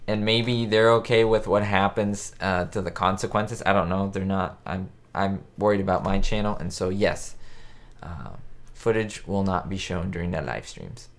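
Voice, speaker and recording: Casual male live-stream host, lowish voice, loose and rambling delivery for a facecam chat. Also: normal speed. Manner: rambling and chatty, many fillers and restarts.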